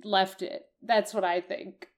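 A woman's voice: mid-range voice, steady tone, takes it slowly. A woman co-hosting a podcast, chatting casually as she recaps a video game, with frequent ums and restarts. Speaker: podcast co-host.

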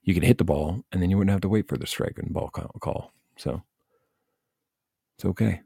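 A man with a deep, dark voice and heavy vocal fry gives youth baseball advice as a coach and parent. He vents bluntly and swears freely, in a casual, animated rant. The sound is dry and close. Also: normal speed, no room sound. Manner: blunt, profane, animated venting.

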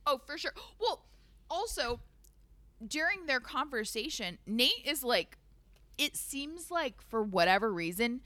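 A woman's voice: sits high, sing-song, measured pace, pushed and bright, no room sound. A woman co-hosting a casual podcast, recapping a book with playful asides, cursing and frequent laughter. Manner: playful, swears, laughs often. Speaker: podcast co-host.

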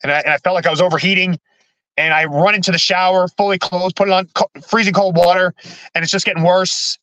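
High, bright-voiced man in halting talk. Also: fairly even intonation, no echo, muffled recording. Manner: halting, frequent restarts and repeated words. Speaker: podcast guest. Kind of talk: candid personal storytelling.

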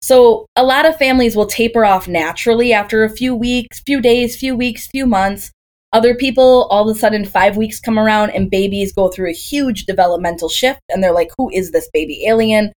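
A woman's voice: fairly high pitch, brisk, darkish tone. A woman in her thirties from Wisconsin, a doula guest on a podcast, talking in a chatty way full of stories and rhetorical questions. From Green Bay, Wisconsin, USA. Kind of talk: casual podcast conversation.

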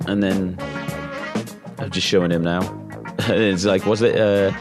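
A man's voice: fairly even intonation, measured pace. A man co-hosting a podcast in crude casual banter, joking and swearing freely. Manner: jokey, swears freely, slips into squeaky silly voices. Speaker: podcast co-host. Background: music.

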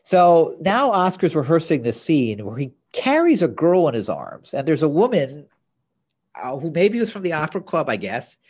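A man's voice: a little high, very animated, moderate pace, a little mellow, husky. A man co-hosting a podcast, recapping a TV episode in casual chat with blunt opinions. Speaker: podcast co-host.

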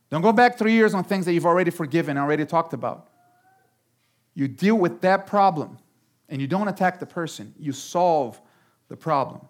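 A man preaching a sermon as pastor, talking in an animated way and jumping up in pitch for emphasis. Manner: animated, jumps high for emphasis.

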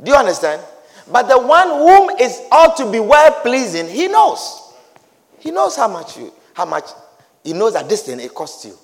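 A man preaching a sermon in an emphatic, repetitive style that builds to shouts. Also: extremely high pitch, huge pitch swings, moderate pace. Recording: reverberant hall.

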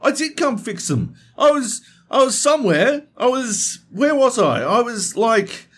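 A man's voice: very high voice, big pitch swings, a little slow, slightly rough, pitched above the performer's own voice, heavily acted. A man mimicking a clueless young male gamer who rambles and hesitates, lost for words. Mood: flustered.

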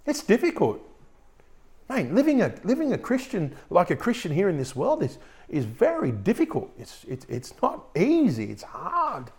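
A male pastor delivering a sermon in an animated preaching manner, reading scripture aloud. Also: high-pitched, moderate pace.

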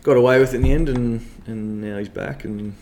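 A man, a club cricketer talking casually in an interview, relaxed and rambling with lots of fillers. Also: medium pitch, brisk, a little hiss or hum.

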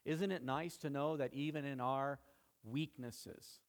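A man's voice: medium pitch, measured pace. Man preaching in a conversational sermon. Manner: conversational preaching, swelling louder for emphasis. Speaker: pastor.

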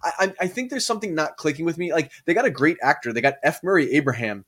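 A man's voice: on the high side, animated, fast talker, fairly bright tone. A man co-hosting a podcast in casual chat, rambling and hesitant, full of fillers and restarts. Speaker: podcast co-host.

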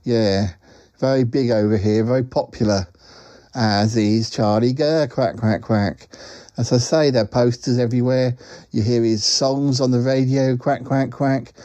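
A man's voice: mid-range voice, steady tone, unhurried, mellow, no echo, natural voice. A man voicing a talking duck who rambles through a comic voice message, with plenty of ums and quacks. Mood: rambling. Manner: rambling, full of ums, quacks between phrases.

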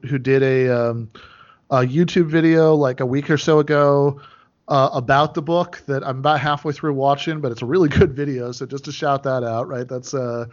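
Halting man on a lo-fi call. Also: medium pitch. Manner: hesitant, many fillers and restarts. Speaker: podcast guest, writer. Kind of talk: casual chat over a call. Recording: dull lo-fi sound.

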